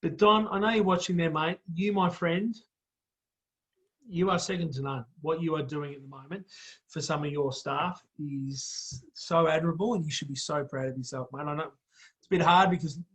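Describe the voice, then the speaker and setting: A man's voice: on the high side, fairly even intonation, moderate pace, fairly bright tone. An Australian man hosting a casual podcast chat, blunt and blokey, calling everyone mate. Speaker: host.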